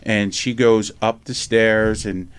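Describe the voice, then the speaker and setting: A man telling a lively personal story in casual conversation, acting out other people's lines and swearing casually. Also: on the low side, slow, clear, resonant tone, dry recording. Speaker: podcast host and memoir author.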